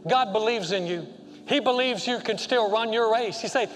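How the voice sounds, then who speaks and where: Man, pastor preaching, high voice, long hall reverb, passionate then hushed. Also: fairly quick. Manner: impassioned, swings from loud exhortation to hushed tenderness. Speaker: senior pastor. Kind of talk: sermon. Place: church sanctuary.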